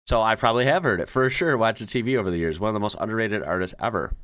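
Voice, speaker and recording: A man's voice: lowish voice, very fast, a bit bright, no echo, studio quality. An American man hosting his channel, chatting casually as he reacts to things he reads, rambling and often correcting himself. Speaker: channel host.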